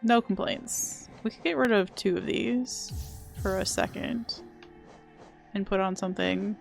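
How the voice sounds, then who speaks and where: A young woman chats through a gameplay stream, rambling and poking fun at herself. Her voice sits at a middle pitch and carries a gravelly, creaky texture. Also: unhurried, faint music behind. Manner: chatty, rambling, self-deprecating. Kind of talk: casual gameplay chat.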